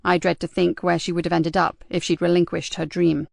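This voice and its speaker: A woman reading the part of a compassionate but guarded male police sergeant who speaks in a clipped, measured way. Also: a little high, monotone, creaky, no echo, studio quality.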